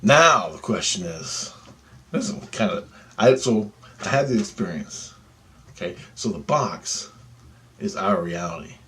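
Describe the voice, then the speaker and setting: A man telling a rambling spiritual story in a casual way, swearing often, dropping to hushed tones and then shouting. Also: low voice, unhurried, slight background noise. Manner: excitable, profane, jumps from hushed to shouting; rambling, restarts often, asks listeners "okay?".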